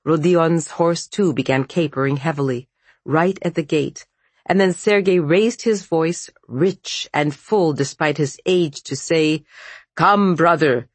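An audiobook narrator reading a dark fantasy novel in measured, even storytelling. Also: mid-range voice, husky, no echo. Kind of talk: scripted narration.

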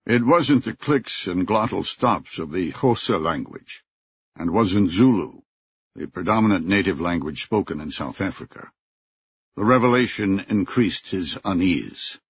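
A man narrating a thriller audiobook in a steady, measured way. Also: deep voice, slightly rough. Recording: dry, dull lo-fi recording.

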